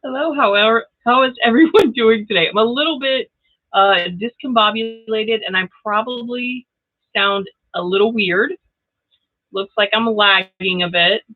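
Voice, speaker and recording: A woman's voice: a little high, unhurried. A grandmother hosting a casual livestream, chatty and laughing often as she reads out viewer comments. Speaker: livestream host. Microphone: new plug-in microphone. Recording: tinny phone-like sound.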